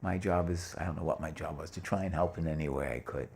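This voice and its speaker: A man's voice: very deep voice, fast, vocal fry, a little mellow, slight background noise. An older man giving an informal talk, rambling with many fillers and restarts and acting out the voices of people in his stories.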